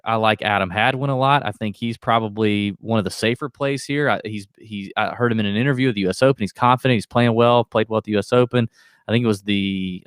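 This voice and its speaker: A man's voice: medium pitch, clean tone, no room sound, clean studio sound. A man co-hosting a golf betting podcast, talking in a rambling, jokey way and often breaking off mid-sentence. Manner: rambling, self-interrupting, jokey. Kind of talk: casual chat.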